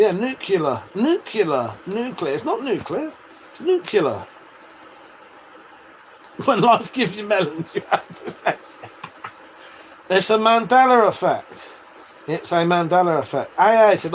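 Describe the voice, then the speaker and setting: A man's voice: fairly high pitch, a little hiss or hum. An English man in his forties chatting casually on a live stream, reading out viewer comments, laughing and swearing as he banters. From England. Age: 40s.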